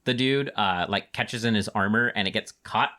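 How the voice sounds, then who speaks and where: A man's voice: lowish voice, normal speed, pushed and bright. A man narrating a tabletop game as game master, loose and full of filler words.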